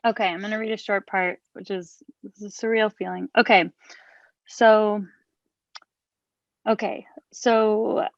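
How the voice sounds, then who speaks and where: A woman's voice: medium pitch, steady tone, unhurried, vocal fry, long pauses, no echo. A young woman chatting casually with lots of fillers and restarts, and sometimes reading aloud from her own book. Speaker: author and interviewer. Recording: dull lo-fi, dry sound.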